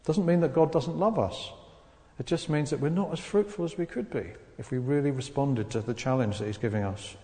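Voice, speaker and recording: A man preaching a sermon, telling a Bible story with lively acted-out voices. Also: medium pitch, a little fast. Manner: animated storytelling, acts out voices of the people in the story. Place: church hall. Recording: long reverb of a large hall.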